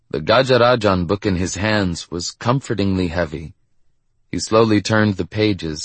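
A man narrating a novel in a measured, steady reading. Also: fairly low pitch, no room sound. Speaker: audiobook narrator. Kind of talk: scripted narration.

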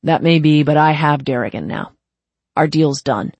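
A hard, tired young gang leader, as a narrator plays him, talking in a low cold growl. The voice is gravelly and husky, read close with no room sound. It stays near the narrator's own tone. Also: moderate pace, darkish tone, no echo, natural voice. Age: 20s.

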